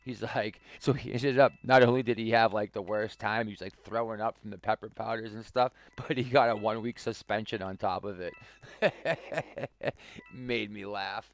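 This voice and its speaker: A man's voice: fairly low pitch, steady tone, normal speed. A man streaming a game, telling a story casually, rambling with lots of "like" fillers and chuckles. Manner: rambling, full of "like" fillers and restarts.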